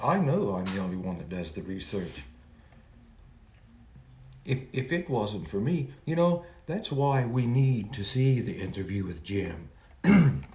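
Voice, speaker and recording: A man with a mid-range voice performs a parody livestream monologue as a boastful, self-important true-crime streamer. He rambles, swinging between loud complaints and hushed asides, and the sound is roomy.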